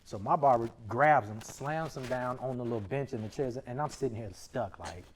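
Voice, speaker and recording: A man's voice: mid-range voice, normal speed, hardly any pauses, a little hiss or hum. Laid-back male co-host telling a story. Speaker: podcast co-host. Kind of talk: casual storytelling chat.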